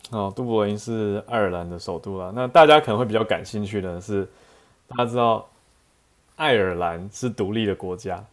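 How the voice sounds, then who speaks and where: A man teaching a class, telling anecdotes in an animated way and mixing in English. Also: on the low side, fairly quick. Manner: animated storytelling, switching between languages, frequent laughs and fillers. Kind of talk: bilingual classroom lecture with anecdotes.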